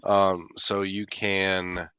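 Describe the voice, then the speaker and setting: A man explaining tabletop game rules, pausing with fillers as he goes. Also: deep voice, little pitch movement, bright, forceful tone, clear, resonant tone, no echo, highs cut off. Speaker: rules expert.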